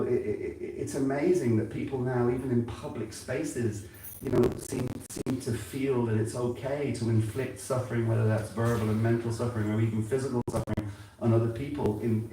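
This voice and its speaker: An older man from England giving an informal sermon at a temple, talking conversationally and halting often, repeating words and using fillers. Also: mid-range voice, fairly even intonation, mellow, slight background noise. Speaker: spiritual speaker at a temple gathering. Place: temple hall. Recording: very echoey hall, heard from a distance.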